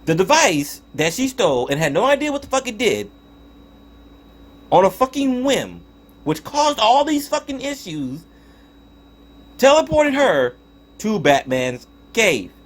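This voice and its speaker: Lively, profane man ranting in a review. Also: very high voice, moderate pace. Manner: profane, exasperated ranting with frequent restarts. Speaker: TV show reviewer. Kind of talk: casual spoken review.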